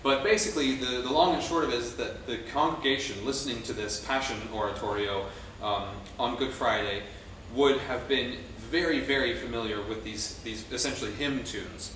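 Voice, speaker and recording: Male choral conductor teaching a rehearsal, mid-pitched and measured, faint background noise. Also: fairly bright tone. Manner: explanatory, with frequent ums and restarts. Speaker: choir conductor. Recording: very echoey room, distant mic, faint noise.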